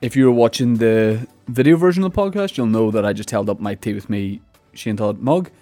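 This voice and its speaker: A man's voice: lowish voice, brisk, mellow, faint music behind. A man hosting his podcast from a studio, telling a comic story in a rambling, self-mocking way. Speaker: podcast host. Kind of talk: casual comic monologue.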